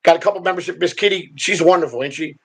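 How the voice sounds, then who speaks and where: A man with a fairly high, slightly rough voice hosts a live stream, telling rambling stories at a quick pace. As streamer and show host, he's blunt and profane in this casual live storytelling.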